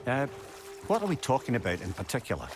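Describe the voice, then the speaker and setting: A man playing a witty talking head in a video game, teasing and riddling. His voice jumps about with very lively pitch, and game music plays behind him. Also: fast talker, close to an everyday voice. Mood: playful. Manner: playful, teasing, fond of riddles and puns. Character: witty, chatty male talking severed head.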